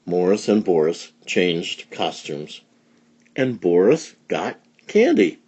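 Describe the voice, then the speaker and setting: A man reading a children's story aloud in an expressive read-along style. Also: low voice, slow pace, slightly rough. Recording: dull lo-fi recording.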